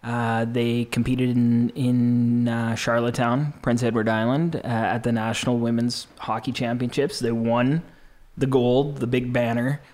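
A man who works at a campus radio station, talking as a guest in an interview in an unhurried, friendly way with many filler words. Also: mid-range voice, level tone, darkish tone. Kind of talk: casual interview talk.

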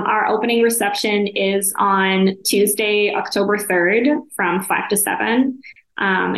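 A woman's voice: medium pitch, creaky, reverberant, low-quality recording. A woman from Israel, a guest at an arts council, chatting casually and laughing often in an interview.

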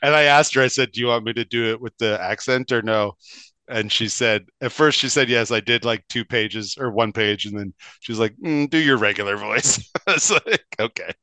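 A man's voice: mid-range voice, normal speed, bright, forceful tone, no room sound. A man, co-hosting a casual hockey podcast in a rambling, chatty way, often laughing. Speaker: podcast co-host.

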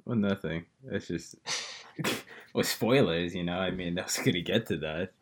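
Man, lowish voice, podcast co-host, playful, mock-serious. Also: normal speed, very noisy. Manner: playful, mock-grand pitching. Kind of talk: casual chat.

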